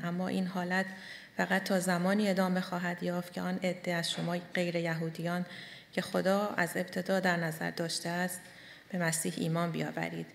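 A woman reads scripture aloud at a rapid clip in a low, gravelly voice. Her delivery is flat and steady. A long reverb from a large hall hangs on every phrase. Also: slight background noise. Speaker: scripture reader. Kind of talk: scripture reading.

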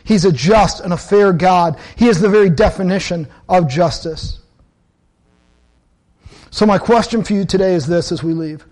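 This pastor's sermon moves at a moderate pace, his fairly high male voice a little mellow. His manner is earnest and conversational, with personal anecdotes and key phrases repeated to drive them home.

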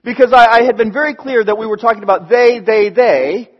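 A man's voice: sits high, brisk, dull audio. A man preaching a sermon in a conversational way, acting out the voices he quotes. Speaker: pastor.

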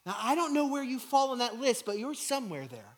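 A man with a high-pitched voice delivers a sermon from the pulpit. He stacks rhetorical questions in a rising rhythm, then sinks into soft, hushed passages. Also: sing-song, fairly quick. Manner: rhetorical repeated questions, swinging from loud to hushed. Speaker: pastor.

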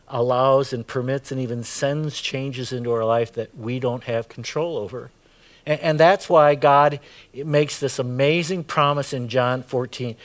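A middle-aged man preaching a sermon as pastor, chatty and full of asides and "right?" tags. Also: on the high side.

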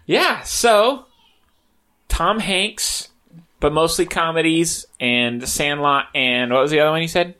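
A man's voice: fairly high pitch, measured pace, bright, forceful tone. A man co-hosting a casual podcast chat, joking, laughing often and slipping into impressions. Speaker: podcast co-host.

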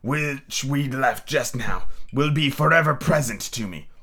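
A man's voice: medium pitch, expressive, measured pace, pushed and bright, exaggerated voice. A shaken old miser pleads in a slightly raised voice. A man reads him in a storybook reading, close to his own voice. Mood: pleading.

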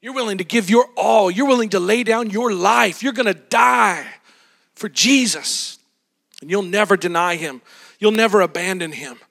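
A man preaching a sermon, retelling a story with animated, dramatic flair. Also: sits high, normal speed, creaky.

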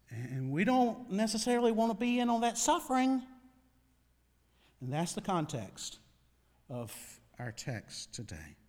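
A man delivers a sermon in a high, lively voice that swoops up and down with dramatic emphasis. He takes his time, letting each phrase land. The sound rings with the long reverb of a large hall. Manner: animated preaching with dramatic swings in pitch and loudness. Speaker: pastor.

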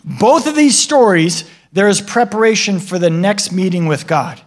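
This pastor speaks in a high, animated voice at a moderate pace, keeping his sermon conversational. He quizzes listeners, caps lines with "right?", and brings God and the other figures in his stories to life with a livelier tone.

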